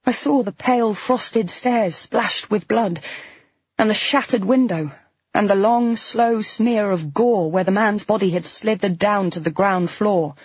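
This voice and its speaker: A woman reading a first-person audiobook in a tense, measured storytelling manner, with a breathy voice. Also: medium pitch, no echo. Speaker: audiobook narrator. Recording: dull, slightly lo-fi dry recording.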